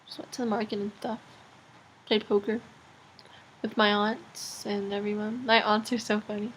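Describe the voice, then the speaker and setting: A woman's voice: mid-range voice, little pitch movement, normal speed. Teenage girl, casual video diary, rambling, filler-heavy, webcam, faint background hiss. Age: teens. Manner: rambling, chatty, lots of fillers. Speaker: vlogger.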